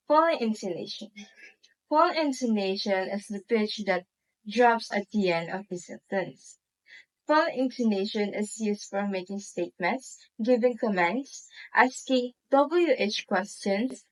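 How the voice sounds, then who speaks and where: A woman with a Filipino accent, a student presenting a classroom lesson and reading examples aloud in a slow, deliberate way. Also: mid-range voice, poor audio.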